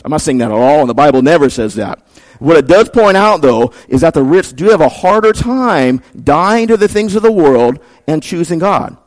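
A male pastor delivering a sermon in a relaxed, conversational tone, his fairly high voice climbing into emphatic peaks when he drives a point home. He talks to the congregation like he's chatting with them, then presses hard on the key lines. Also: normal speed.

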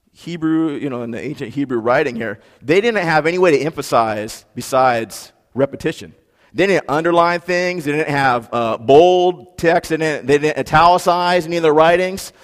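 A man preaching a sermon in a relaxed, conversational way, with fillers and emphatic repetition. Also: fairly high pitch. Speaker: pastor. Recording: long hall reverb.

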